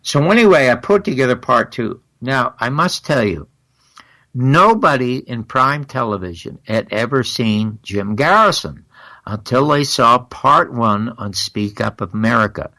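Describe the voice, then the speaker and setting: Older guy being interviewed, gravelly fry in the voice, animated storyteller doing all the back-and-forth. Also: medium pitch, unhurried. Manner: animated, acts out quoted exchanges. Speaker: interview guest.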